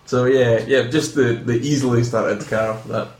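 A man's voice: medium pitch, fairly even intonation, normal speed, roomy sound. A man co-hosting a film podcast, chatting casually and animatedly, laughing and swearing. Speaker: podcast co-host. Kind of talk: casual chat.

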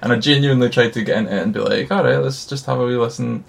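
A man's voice: medium pitch, very fast, gravelly. A man, joking wryly as a podcast co-host in casual film chat. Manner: wry, joking.

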